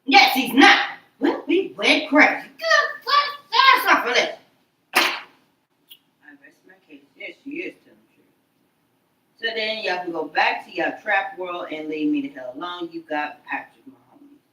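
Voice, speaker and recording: Woman ranting, lively pitch, roomy. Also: a little slow, a little hiss or hum. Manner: animated, profane, repetitive ranting. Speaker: vlogger. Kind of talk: profane casual rant. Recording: roomy sound, far from mic.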